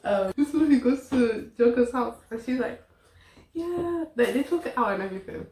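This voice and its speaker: Woman co-host, slightly high voice, chatty and laughing, sounds far off in a roomy space. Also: fairly quick, darkish tone. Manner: chatty, quotes herself and others, laughs while talking. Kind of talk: casual chat reviewing a drama. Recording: echoey room, distant mic, faint hiss.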